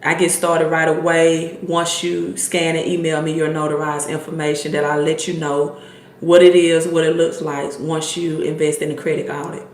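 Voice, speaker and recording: A woman's voice: deep voice, completely flat delivery, normal speed, a little mellow, roomy sound. A woman with a Mississippi Southern accent hosting a casual livestream, chatting and coaching her viewers, calling them y'all and repeating herself as she goes. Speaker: livestream host, credit coach.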